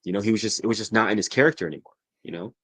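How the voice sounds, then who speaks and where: Man, low register, rowdy excitable podcast guest, cusses a lot, dry close mic. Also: very fast, no room sound. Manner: excitable, profane, laughs often. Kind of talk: casual chat.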